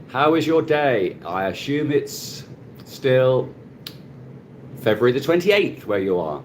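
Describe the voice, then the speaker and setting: Man, middle-aged, casual live stream host, lively up-and-down voice, faint background hum. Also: mid-range voice, slow. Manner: chatty, greets viewers by name, laughs often. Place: Cebu, Philippines. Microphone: phone.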